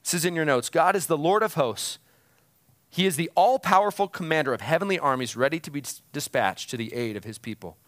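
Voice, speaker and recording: A pastor delivers a sermon, walking his listeners through scripture with earnest conviction. His voice sits a little high for a man and climbs to emphatic peaks. The sound is close and dry, with no room around it. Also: animated, brisk, a bit bright, dry recording.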